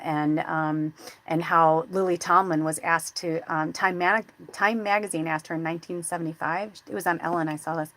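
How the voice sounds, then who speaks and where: A woman in her forties hosting a spiritual show, talking casually and acting out quoted dialogue in a chatty, animated way. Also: on the low side, no echo. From United States. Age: 40s. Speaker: spiritual medium host. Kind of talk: casual livestream chat.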